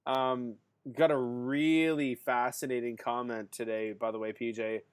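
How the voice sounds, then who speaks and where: A man's voice: medium pitch, flat delivery, unhurried, smooth. A male podcast host in casual chat who rambles, fills his talk with "um" and "like", and laughs often. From Canada.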